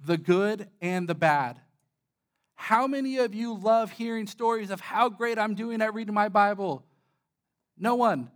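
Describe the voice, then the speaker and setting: A man's voice: sits high, unhurried. A young man, a church pastor, giving a sermon in a candid, self-deprecating, conversational way, with frequent "uh" fillers.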